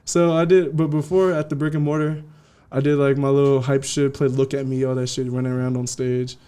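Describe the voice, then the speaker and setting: A young man from California, a DJ guest telling his story in a casual interview, slangy and animated, acting out what people said. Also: mid-range voice, brisk, clean tone. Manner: slangy, animated, acts out quotes.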